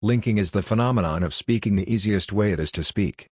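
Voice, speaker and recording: A man's voice: on the low side, fast, darkish tone, husky, no room sound, clean studio sound. A middle-aged man giving an earnest, explanatory public talk and asking the audience questions. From Canada. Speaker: speaker.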